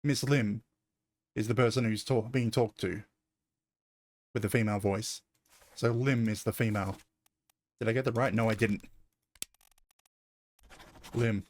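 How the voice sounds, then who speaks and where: A man's voice: on the low side, steady tone, normal speed, long pauses, darkish tone, no echo. A man playing a video game and thinking aloud in casual commentary, often correcting himself. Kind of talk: let's-play commentary.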